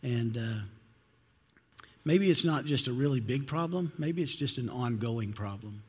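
A man's voice: medium pitch, unhurried, darkish tone, slightly rough, big-room sound. A man pastor praying and then opening a sermon, earnest and emotional, often repeating himself and restarting. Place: church sanctuary.

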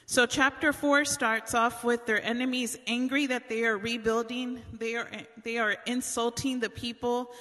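A woman's voice: fairly high pitch, flat delivery, moderate pace, hardly any pauses, pushed and bright, long reverb tail. A woman giving a casual sermon, retelling Bible stories in chatty everyday language. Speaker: speaker giving a Bible teaching.

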